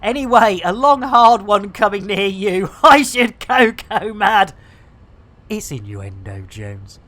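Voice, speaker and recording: A man's voice: high voice, unhurried, pushed and bright, a little hiss or hum. A British man streaming a game and rambling through jokey, innuendo-heavy commentary. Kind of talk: comedic live gameplay commentary.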